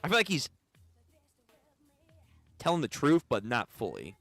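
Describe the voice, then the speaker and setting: Host-reader: a man giving blunt, animated running commentary, close dry sound. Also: mid-range voice, measured pace, husky, no room sound, faint music behind. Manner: blunt, profane, animated reactions. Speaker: manga reader and reactor. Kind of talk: casual reading commentary.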